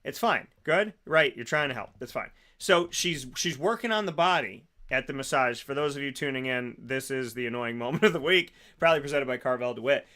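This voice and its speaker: A man hosting a radio show, telling a comic story in a lively way and acting out the people in it. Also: medium pitch, brisk, hardly any pauses. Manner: animated, acts out quotes in other voices. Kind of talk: comedic storytelling monologue.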